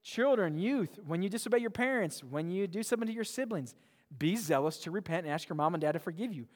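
The long reverb of a large hall surrounds a man preaching in a church sanctuary, his voice high-pitched, lively, and fast. Earnest and emphatic, he repeats words again and again as he presses his point.

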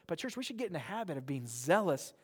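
A pastor with a slightly high, breathy voice talks fast and very animatedly while preaching in a church sanctuary. He is earnest and insistent, repeating words to push his point, and his voice echoes with the long reverb of a big hall.

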